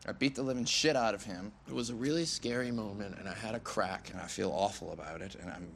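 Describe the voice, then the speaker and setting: A lost, tearful young guy with a gravelly voice. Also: fairly low pitch, fairly bright tone, slight background noise. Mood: upset. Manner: halting, hesitant, full of restarts. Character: lost young man, jobless, wry and tearful. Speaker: film character. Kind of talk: naturalistic film acting. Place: outdoors by a lake.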